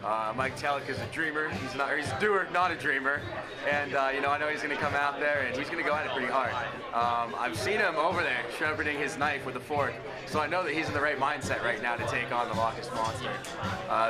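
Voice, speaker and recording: A man's voice: mid-range voice, quick pace, loud music behind the voice. A man confidently hyping up a friend in a short interview. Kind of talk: hype interview.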